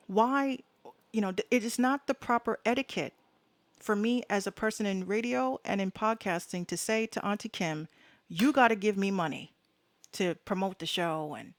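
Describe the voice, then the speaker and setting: A woman with a mid-range voice talks casually on her own podcast, and there's no echo. Her delivery is blunt and fired up, with slangy, frank wording and frequent swearing.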